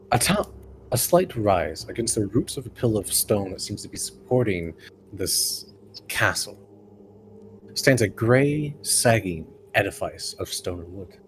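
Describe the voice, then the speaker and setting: A man narrating as game master in a tabletop game, describing scenes slowly with fillers. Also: lowish voice, slight background noise.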